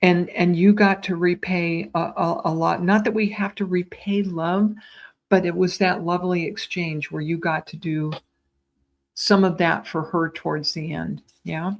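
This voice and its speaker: A woman giving live psychic readings, speaking in a tender, soothing way with gentle repetitions and small stumbles, calling viewers sweetheart. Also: on the low side, fairly even intonation, measured pace, muffled recording. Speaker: psychic medium.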